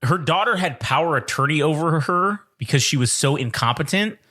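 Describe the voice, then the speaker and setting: A man's voice: on the high side, animated, brisk, bright, forceful tone. A man co-hosting a casual podcast, ranting with lots of swearing and acting out the people he quotes. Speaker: podcast co-host. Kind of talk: casual political rant.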